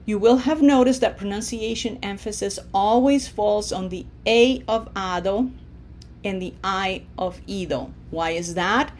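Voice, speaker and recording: A woman teaching a language lesson, drilling verb forms slowly and clearly for the learner to repeat. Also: medium pitch, slight background noise. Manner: slow, deliberate, drills words for the learner to repeat. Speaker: Spanish teacher.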